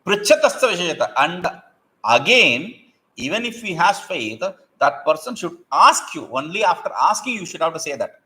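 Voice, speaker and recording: Man, teacher, recites verses then explains, lively pitch, bright tone. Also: normal speed, low-quality recording. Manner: frequent fillers and self-corrections. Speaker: Sanskrit teacher. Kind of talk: line-by-line text explanation.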